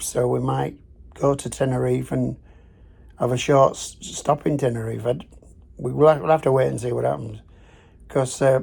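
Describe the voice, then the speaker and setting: An older man with a broad Northern English accent talks casually to his vlog audience from a cruise ship cabin. His voice is mellow and gravelly, with a slightly husky edge. He wanders from point to point, full of "uh"s and fresh starts. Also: medium pitch. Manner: chatty and rambling, with frequent fillers and restarts. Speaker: travel vlogger.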